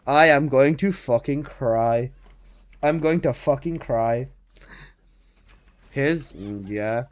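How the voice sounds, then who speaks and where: A man streaming a game, chatting casually with teasing, excitable banter, repeating himself and swearing freely. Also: a little high, unhurried, clear, resonant tone. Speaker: gaming streamer.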